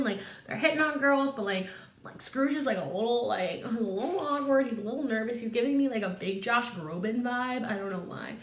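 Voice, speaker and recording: A woman's voice: a little high, fairly bright tone. A woman vlogger retelling a story in casual comic style, rambling with slang and filler words. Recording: echoey room.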